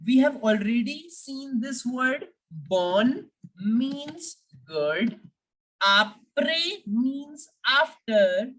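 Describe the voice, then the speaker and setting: A woman's voice: fairly high pitch, fairly bright tone. A woman teaching a beginner French lesson, patiently repeating each word for her learners. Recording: voice a bit distant from the mic.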